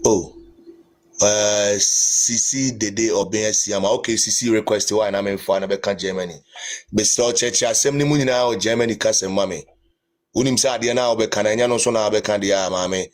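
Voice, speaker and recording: A man's voice: fairly low pitch, moderate pace. A man with a Ghanaian accent hosting a live stream, speaking in an indignant, pleading way and switching between English and Twi. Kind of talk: impassioned live stream talk.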